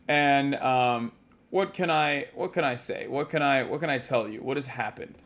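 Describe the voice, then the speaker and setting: A man's voice: medium pitch, moderate pace, fairly bright tone. A man livestreaming from a hotel room, chatting casually with rambling, profane jokes.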